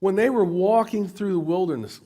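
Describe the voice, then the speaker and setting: A man's voice: sits high, moderate pace, mellow. A middle-aged American man preaching a sermon, often stumbling and repeating words as he goes. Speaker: pastor.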